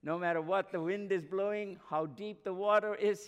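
A man's voice: sits high, a little slow, hardly any pauses, clean tone. Man preaching in a reverberant hall. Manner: repetitive preaching cadence, swelling and dropping to near whispers. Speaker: pastor. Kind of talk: sermon.

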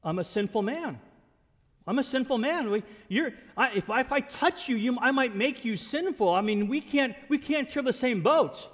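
A man's voice: very high-pitched, expressive, normal speed, fairly bright tone, big-room sound, voice pushed up, full character voice. A man voicing a frantic, ashamed fisherman disciple as part of a sermon.

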